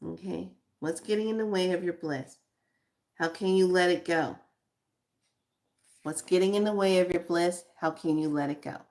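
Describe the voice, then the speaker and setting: A woman with a fairly low voice leads a spiritual card reading with journal prompts. She speaks very slowly and thoughtfully, asking the same questions again and again. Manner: slow and reflective, repeats questions to the listener.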